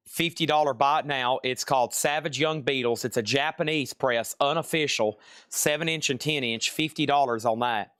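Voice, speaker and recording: A man's voice: medium pitch, no room sound, clean studio sound. Man calling a live record sale. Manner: rapid auction patter, calling prices and bidders; drops to a soft soothing murmur to calm his dog. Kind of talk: live online sales stream.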